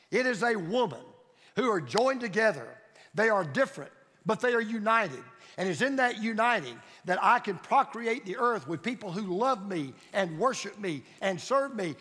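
A man's voice: sits high, fairly bright tone, long reverb tail. A man preaching a sermon as pastor in a church, building his points through emphatic, repeated phrases. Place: church sanctuary.

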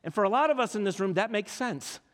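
A man's voice: sits high, expressive, quick pace. A man preaching a sermon to a congregation, emphatic and full of rhetorical questions. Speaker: pastor. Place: church hall. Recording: long hall reverb.

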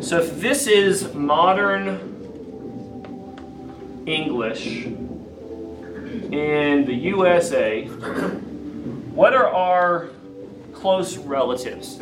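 A man from Virginia with a Southern accent, giving a lively classroom lecture and asking his audience questions. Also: fairly high pitch. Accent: Southern US, Appalachian Virginia. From Grayson County, Virginia, USA. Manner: energetic, asks the audience questions often. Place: lecture room. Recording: echoey room, mic from a distance.

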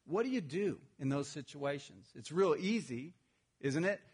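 A man's voice: on the high side, expressive, moderate pace, darkish tone, slightly rough. A man preaching a sermon, telling a humorous personal story and then addressing the congregation. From Texas. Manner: storytelling, self-deprecating humor. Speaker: pastor.

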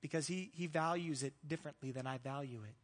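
A man preaching a sermon as pastor in a relaxed, conversational way, mixing in jokes and acted-out quotes. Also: on the high side, quick pace, big-room sound. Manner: conversational, joking, acts out quoted voices.

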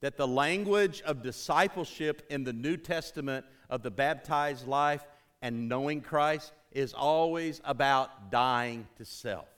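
A man preaching a sermon to his congregation, emphatic, rising to urgent peaks and dropping low, calling out for responses. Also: a little slow, a bit bright. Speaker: pastor.

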